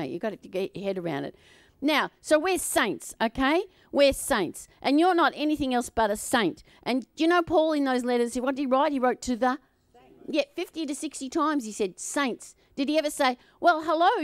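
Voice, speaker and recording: A woman's voice: fairly high pitch, a little mellow, dry recording, studio quality. A woman preaching a sermon in a chatty way, often putting questions to her audience.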